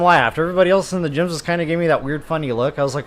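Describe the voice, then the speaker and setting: A middle-aged man giving casual gameplay commentary, chatty and quick to laugh, who tells stories to his viewers while he plays. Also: a little high. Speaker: gaming streamer.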